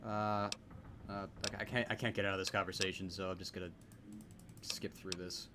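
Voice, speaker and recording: A man giving joking, rambling commentary while he streams a video game live. His voice sits fairly low, and a noisy background runs behind him. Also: little pitch movement, fairly quick. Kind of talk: casual live-stream chat.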